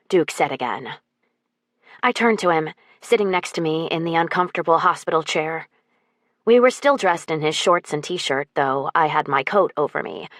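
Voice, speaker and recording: A woman narrating a romantic comedy audiobook in the first person, expressive and wry. Her voice is on the lower side and recorded dry and close, with no room sound. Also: dry recording.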